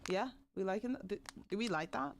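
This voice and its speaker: A woman's voice: medium pitch, brisk, very noisy. A young woman chatting casually on a livestream, greeting viewers and asking them questions.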